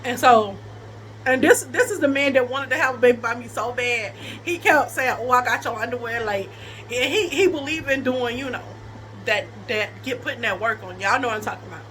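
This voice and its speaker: A young woman telling a personal story to her viewers in a casual, animated way, often laughing and quoting people. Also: a little high, brisk, a little hiss or hum.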